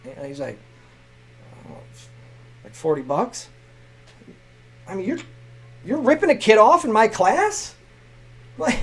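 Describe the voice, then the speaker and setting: Gravelly man telling stories, rambling. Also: a little high, measured pace, pauses often, poor audio. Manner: animated, rambling with restarts, loud bursts when quoting himself. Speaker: podcast guest telling teaching stories. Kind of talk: casual storytelling.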